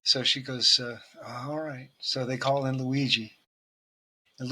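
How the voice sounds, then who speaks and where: A man with a very bright, forceful tone and a husky edge tells loose, rambling stories in casual chat. He swears offhandedly and laughs along with his own jokes. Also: mid-range voice, fairly even intonation, measured pace. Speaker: podcast co-host.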